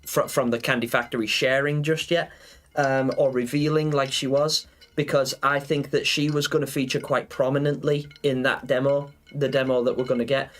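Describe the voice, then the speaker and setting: A man's voice: mid-range voice, level tone, moderate pace, fairly bright tone. A man chatting casually on a gaming livestream, rambling with lots of fillers and answering viewers. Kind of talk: casual live-stream chat.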